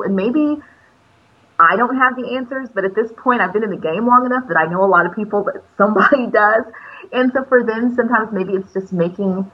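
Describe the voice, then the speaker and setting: A woman's voice: medium pitch, brisk, breathy edge, lo-fi sound. A middle-aged woman, a teacher mentor, chatting casually on a podcast and telling stories with many fillers and restarts.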